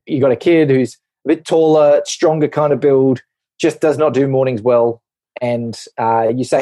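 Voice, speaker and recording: Dark-voiced man explaining on a podcast. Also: mid-range voice, normal speed, no echo. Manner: animated, acts out little voices in his examples. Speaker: podcast guest, doctor.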